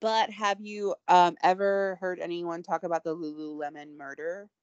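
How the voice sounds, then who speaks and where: A woman's voice: fairly low pitch, fairly even intonation, moderate pace, darkish tone, smooth, no echo, muffled recording. A woman co-hosting a podcast in casual chat, rambling and self-deprecating with frequent giggles. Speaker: podcast co-host.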